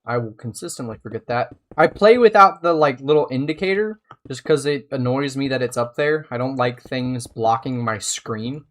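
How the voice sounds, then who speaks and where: A man's voice: mid-range voice, moderate pace, hardly any pauses. A man live-streaming a building game, chatting casually and thinking aloud as he plays.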